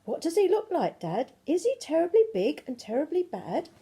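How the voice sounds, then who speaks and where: A woman reading aloud and voicing a young gruffalo child, eager and brave, in a raised, excited storybook voice. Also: high voice, moderate pace, pitched above the performer's own voice.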